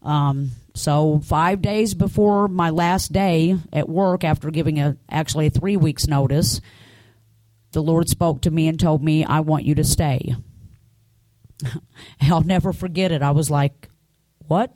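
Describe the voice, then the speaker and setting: A woman's voice: sits low, unhurried, dark tone, no echo. A middle-aged woman giving an earnest personal testimony as a church speaker, telling her story in a conversational way.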